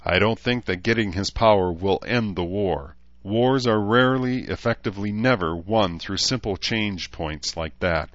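A man voicing a calm, thoughtful male noble commander who explains things in a reasoned, measured way, in an audiobook. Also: lowish voice, no echo, dull audio, lightly acted. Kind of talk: audiobook character voice.

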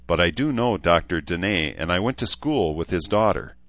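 A man's voice: sits low, animated, normal speed, a bit bright, no room sound, dull audio. A man voicing a young man who jokes about himself with dry asides. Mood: earnest. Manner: joking, dry self-mocking asides. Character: young man, wry self-deprecating joker.

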